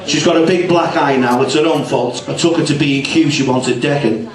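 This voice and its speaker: A man's voice: on the high side, fairly quick. A man doing a stand-up routine and bantering cheekily with the audience. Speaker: stand-up comedian. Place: social club stage. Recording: echoey club room, distant mic, crowd. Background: audience laughing.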